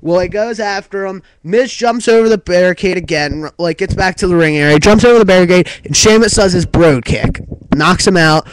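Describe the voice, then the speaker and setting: A man with a fairly high voice for his sex talks through a recap in casual chat. His delivery is loose and rambling, stacked with "like" and "um" and the odd curse word. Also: brisk, slight background noise, poor audio. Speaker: co-host of a wrestling talk show.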